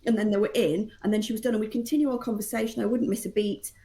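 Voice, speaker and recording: A woman's voice: medium pitch, steady tone, rapid-fire, dark tone. A woman, telling chatty, self-deprecating parenting stories in a podcast conversation. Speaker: mother and guest. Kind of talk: casual podcast chat.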